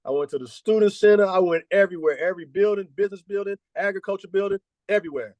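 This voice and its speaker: A man in his fifties, a former college basketball head coach, telling lively stories and peppering them with "man" and "you know". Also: high-pitched, fast talker, dry recording. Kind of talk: storytelling interview answers.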